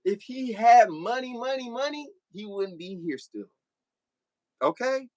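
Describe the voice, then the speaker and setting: A young man streaming live, talking back to commenters in a blunt, animated way. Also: very high-pitched, unhurried, no room sound. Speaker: livestreamer. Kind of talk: casual livestream talk to commenters.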